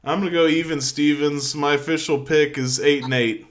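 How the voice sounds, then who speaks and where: A man's voice: fairly high pitch, steady tone, normal speed. Laid-back joking male podcast host. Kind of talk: casual chat.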